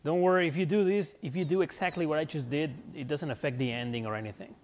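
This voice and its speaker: A man's voice: a little high, quick pace, slight background noise. A man hosting his own gaming channel, chatting casually through gameplay, laid-back and joking at himself.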